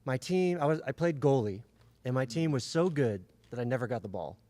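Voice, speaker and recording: A man's voice: medium pitch, lively intonation, brisk, mellow. A man hosting a casual podcast, joking and playful as he talks with his guest. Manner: joking, playful, laughs often. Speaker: podcast host. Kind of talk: casual chat.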